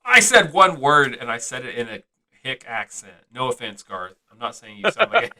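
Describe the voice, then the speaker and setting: A man's voice: medium pitch, lively intonation, moderate pace, bright, forceful tone. A man co-hosting a casual podcast, teasing his co-host and laughing often, with a slight Southern twang. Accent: slight American Southern twang.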